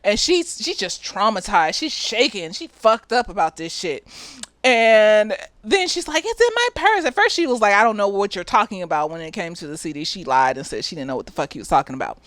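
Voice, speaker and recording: A woman talking casually and profanely as she recaps a TV episode, slightly tipsy, often laughing and jumping into high squeaky voices for the characters. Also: very animated, brisk, no echo, studio quality. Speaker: therapist reviewing a TV episode.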